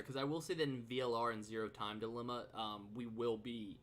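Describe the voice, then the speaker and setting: A man's voice: medium pitch, a little fast, music in the background. A man streaming a game, chatting loosely and swearing freely as he reads the story narration aloud. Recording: steady background noise.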